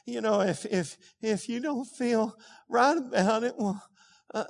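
A man's voice: very high-pitched, vocal fry, big-room sound, heavily acted. A man putting on the voice of a timid, hedging preacher who halts and mumbles qualifiers. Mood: meek. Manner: hesitant, halting, mumbled qualifiers.

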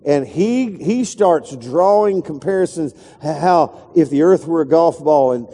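A man's voice: fairly high pitch, animated, unhurried, dark tone, long reverb tail. A male pastor preaching a sermon in a loose, conversational way, with restarts and asides to the congregation.

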